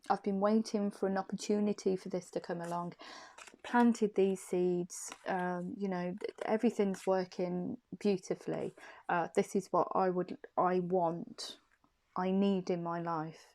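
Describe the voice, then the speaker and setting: A woman's voice: mid-range voice, dark tone. A woman giving an intuitive tarot card reading to camera. She talks in a soothing, reassuring way and often repeats her phrases and questions.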